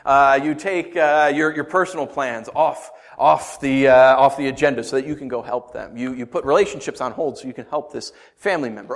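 A man in his thirties, a pastor preaching a sermon, swinging from loud outbursts to quiet asides. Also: medium pitch, animated, moderate pace.

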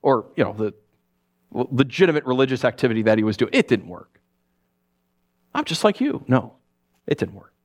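Middle aged guy preaching, jokey and animated, does little voices in his stories. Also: mid-range voice. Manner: animated, jokey storytelling with quick put-on voices. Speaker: pastor. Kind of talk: sermon.

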